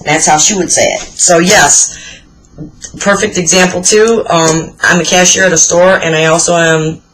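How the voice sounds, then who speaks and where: Unhurried and steady in tone, a woman in her forties speaks in a lowish, fairly bright voice, recorded roughly. As a vlogger answering a tag video, she chats to camera with blunt, profane, swear-heavy stories.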